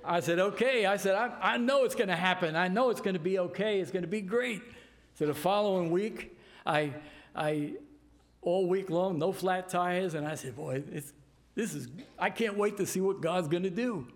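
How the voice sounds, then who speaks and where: An older man from New York tells a personal story in a casual, animated way, acting out the voices of the people in it. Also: high voice, moderate pace. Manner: animated, repeats "I said" and acts out voices in his story. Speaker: storyteller giving a testimony.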